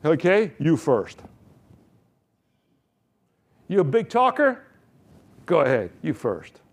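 A man's voice: fairly high pitch, wildly swooping pitch, takes it slowly, full character voice. A man doing a sneering hometown crowd. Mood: taunting. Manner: sneering, incredulous. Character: scornful hometown crowd mocking a local preacher.

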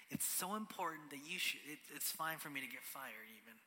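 A man preaching to his congregation in a very bright, ringing voice, pitched a little high. He talks casually, keeps checking in with the room, and sometimes drops to a hush for emphasis. His voice trails off into the long reverb of a church hall. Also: animated, a little fast. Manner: conversational preaching, often ends on "right?", drops to a whisper for emphasis. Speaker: pastor. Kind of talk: sermon.

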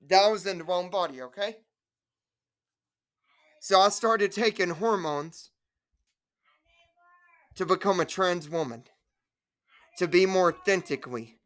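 Woman activist, slow deliberate rant, tense bright voice, repetitive and scolding. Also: lowish voice. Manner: indignant, repetitive, scolding trolls. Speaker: trans rights activist. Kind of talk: direct-to-camera rant.

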